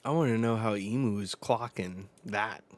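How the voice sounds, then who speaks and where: A man hosting a casual live reaction, reading a comic aloud with profane, excitable outbursts. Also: fairly low pitch, normal speed. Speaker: host reacting to a manga chapter.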